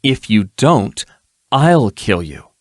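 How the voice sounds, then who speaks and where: A man's voice: medium pitch, animated, a little mellow, no echo, studio quality, voice pushed up. A man doing a terse, stern woman agent. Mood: terse cold. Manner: slow, terse, cold. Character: stern young female Harper agent, terse.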